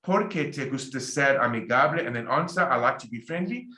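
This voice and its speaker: A man teaching a Spanish lecture, drilling example sentences slowly and emphatically. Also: mid-range voice, expressive, bright, forceful tone. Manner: slow, emphatic drilling with repeated example phrases. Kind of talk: recorded language lecture. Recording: echoey room.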